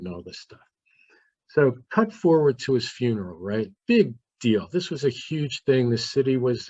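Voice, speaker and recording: A man's voice: mid-range voice, darkish tone, no room sound. A man earnestly recounting a personal story, vividly acting out his own inner thoughts as he goes. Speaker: guest. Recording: dull, dry lo-fi recording.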